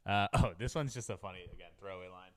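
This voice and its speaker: A man's voice: deep voice, fast, a bit bright. A man co-hosting a podcast, riffing in laid-back, swearing comedy banter. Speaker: podcast co-host. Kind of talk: casual comedy chat.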